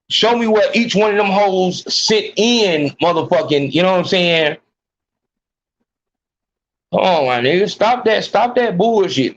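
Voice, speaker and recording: A man's voice: high voice, highs cut off. A man hosting a podcast, ranting bluntly with heavy slang and swearing. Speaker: podcast host. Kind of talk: profane ranting commentary.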